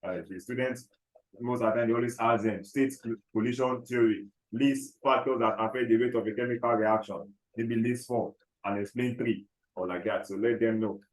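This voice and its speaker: A man's voice: medium pitch, fairly even intonation, reverberant, rough recording. A man teaching chemistry in a classroom, dictating notes and often checking whether the class follows. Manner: repeats key phrases slowly, checks understanding often.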